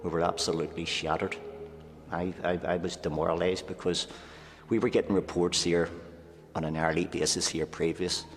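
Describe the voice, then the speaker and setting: A man's voice: low voice, flat delivery, moderate pace. A man, a former prisoner, earnestly recounting his memories in an interview, often adding "here" and "right?". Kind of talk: recollection in interview. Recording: long hall reverb, faint music.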